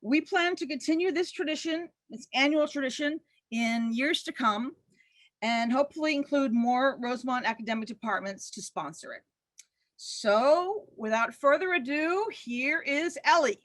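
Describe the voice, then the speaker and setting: Woman host, high pitch, slow formal introduction, dry video call audio. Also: a bit bright, no room sound. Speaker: college professor and event host.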